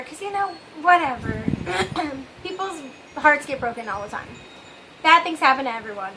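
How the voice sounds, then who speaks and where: A woman's voice: sits high, animated, fairly quick, bright, forceful tone, a little hiss or hum, low-quality recording. A woman hosting her own vlog and talking straight to her viewers in a rambling, candid way. She keeps trailing off with "I don't know" and drops in wry, self-mocking asides. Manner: addresses viewers directly. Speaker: vlog host. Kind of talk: casual confessional vlog monologue.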